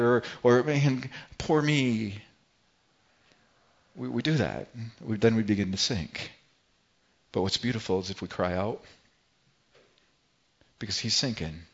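A man preaching a sermon in an earnest voice, repeating words and phrases as he builds and softens his delivery. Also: on the low side, dull audio. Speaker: pastor.

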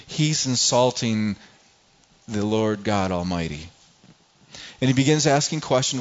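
A middle-aged man delivers a sermon in a conversational way, stumbling over and repeating words as he goes. His voice sits at a mid pitch for a man. The recording is a bit dull and lo-fi. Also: big pitch swings, unhurried. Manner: conversational preaching, acts out everyday people, frequent repeats. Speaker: pastor.

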